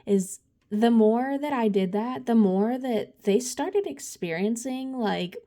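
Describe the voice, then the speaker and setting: A woman's voice: a little high, animated, slow, dark tone. Woman doing a tarot reading, swears a lot, rambly, takes her time. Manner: blunt, profane and rambling, with frequent laughs and sighs. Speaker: tarot reader. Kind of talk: casual off-the-cuff reading.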